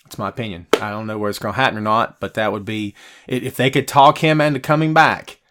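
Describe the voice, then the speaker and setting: Against a noisy background, a fairly low-voiced man talks fast while hosting a casual wrestling podcast livestream. He rants bluntly and with passion as he fields viewer comments, his slangy speech full of repeats.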